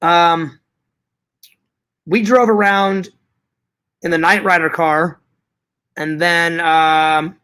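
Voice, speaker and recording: A man hosting a live stream talks with a high, bright voice. He chats casually, answering his viewers' messages. His talk is animated and full of swearing, and he often says the same line twice. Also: extremely slow, pauses often, clear, resonant tone. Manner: animated, profane, repeats himself. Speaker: live stream host reading chat.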